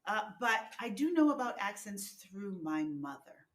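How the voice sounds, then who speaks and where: A woman speaking in a thoughtful, measured way in a casual interview. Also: medium pitch, sing-song, slight background noise. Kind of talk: casual conversation.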